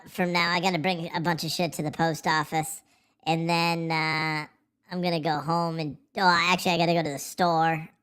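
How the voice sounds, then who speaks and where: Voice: medium pitch, fairly bright tone, smooth. A livestream host chatting casually in a silly put-on voice, rambling, swearing and goofing around. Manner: profane, rambling, goofy.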